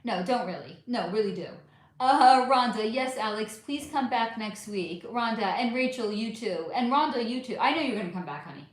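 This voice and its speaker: Animated woman in an echoey room. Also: fairly high pitch, moderate pace. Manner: animated, blunt, sarcastic with commenters. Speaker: livestream host reading chat. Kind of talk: casual livestream chat. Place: home room. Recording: roomy echo.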